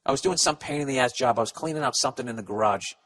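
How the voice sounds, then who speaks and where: Talking very fast in a medium-pitched, slightly bright voice, a man hosts a comedy podcast. He stumbles while reading listener letters aloud and gives casual, blunt, sweary advice in a rambling rant.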